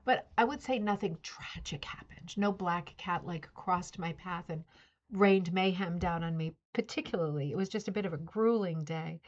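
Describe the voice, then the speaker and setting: A woman's voice: fairly low pitch, normal speed. Woman, middle-aged, casual livestream host, friendly rambling chat, slightly muffled sound. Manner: chatty, greets viewers by name, coos baby talk to her dog. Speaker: livestream host of a rug hooking club. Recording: slightly dull lo-fi livestream audio.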